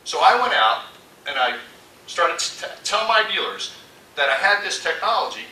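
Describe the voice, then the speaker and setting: A man giving a storytelling keynote talk, animated and acting out the voices he quotes. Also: high voice, normal speed. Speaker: conference speaker. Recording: echoey hall from far off.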